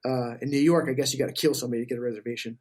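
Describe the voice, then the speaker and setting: A man telling stories in casual podcast chat, profane and animated, acting out what others said. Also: mid-range voice, very fast. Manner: profane, animated storyteller, acts out quotes. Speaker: podcast guest.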